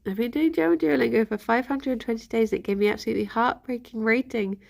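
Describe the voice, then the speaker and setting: Talking fast in a gravelly, somewhat high voice, a young livestream host chats casually with her viewers. Her talk is rambling and full of giggles, and she sounds slightly stuffed up.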